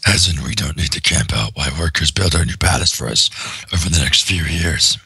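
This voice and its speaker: Sun-goddess empress, deep guttural demon growl, gravelly and husky, deadpan, comic reading. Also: male voice, a little fast, no room sound, exaggerated voice. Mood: calm.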